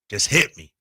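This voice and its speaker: Male radio host, bright and forceful, dry studio sound, animated storyteller. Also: dry recording. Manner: animated storyteller, acts out quotes. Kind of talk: casual sports talk and storytelling.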